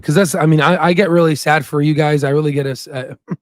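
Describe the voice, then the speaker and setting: Guy ranting on a stock livestream, kinda high voice, dry sound, lots of "right?" and restarts. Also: fairly even intonation, quick pace, no room sound. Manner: heated and ranting, with frequent "right?" tags; rambling with restarts and self-corrections. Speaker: stock market livestream host. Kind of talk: casual livestream commentary.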